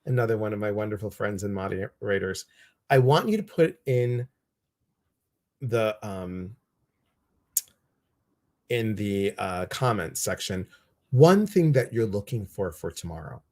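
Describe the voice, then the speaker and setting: A man's voice: fairly low pitch, animated, unhurried, pauses often, darkish tone, no room sound, low-quality recording. Effusive, heartfelt male livestream host. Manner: effusive and heartfelt, retelling conversations with quoted voices; talks straight to viewers, greeting them by name. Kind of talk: casual livestream chat.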